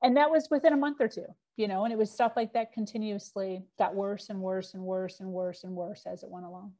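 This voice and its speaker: A middle-aged woman speaks as a podcast guest, recounting her past frankly. She talks in a loose, unpolished way, full of fillers and quoted back-and-forth. Her voice sits at an ordinary middle pitch for a woman. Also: steady tone, a little fast, warm tone. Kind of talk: candid personal storytelling.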